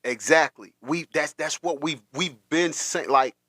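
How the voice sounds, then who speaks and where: A man's voice: fairly high pitch, a little slow, a bit bright, no room sound. A man hosting a reaction stream, talking with emotion, repeating himself and stopping short. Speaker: host.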